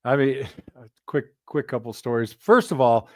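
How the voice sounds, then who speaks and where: A man's voice: medium pitch, normal speed, no room sound, clean studio sound. A middle-aged man, a former player, co-hosting a sports podcast and telling personal stories from his playing days. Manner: tells lively anecdotes, often acting out the voices of others. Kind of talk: casual sports podcast chat.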